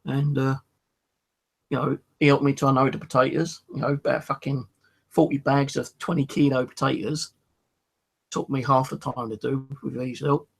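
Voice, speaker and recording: A man's voice: mid-range voice, level tone, moderate pace, vocal fry, husky. A middle-aged British man telling a personal story in a casual, rambling way, swearing freely and often saying "you know". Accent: British English.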